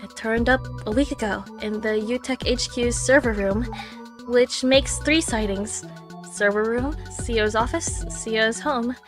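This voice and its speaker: A woman voicing a calm, dry adult female investigator boss in a flat, matter-of-fact way. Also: on the high side, unhurried, over music, natural voice. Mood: deadpan.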